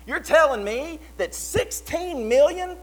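A pastor preaching a sermon, swinging between fervent loud passages and hushed earnest ones. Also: male voice, very high voice, lively intonation, slow, poor audio.

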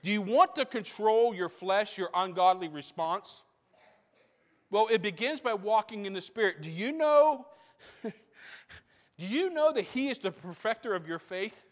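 High-voiced preacher in a reverberant hall. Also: male voice, animated, measured pace. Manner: preaching with rising intensity, repeating phrases for emphasis. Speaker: pastor. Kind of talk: sermon. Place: church sanctuary.

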